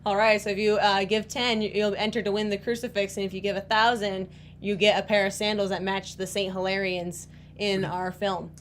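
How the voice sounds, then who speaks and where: Woman co-host, flat even tone, giggly, low rumble behind. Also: a little fast. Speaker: co-host reading fundraising offers. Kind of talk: casual livestream chat.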